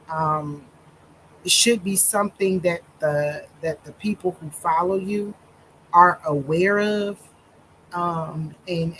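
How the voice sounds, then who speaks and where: A woman minister telling her own story in a slow, deliberate monologue with many pauses and fillers, holding back tears. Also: lowish voice, fairly bright tone, slight background noise, rough recording.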